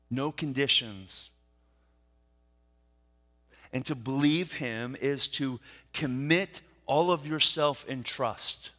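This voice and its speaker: A man preaching a sermon as pastor, speaking deliberately and repeating key phrases for emphasis. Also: mid-range voice, sharp tone. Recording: reverberant hall.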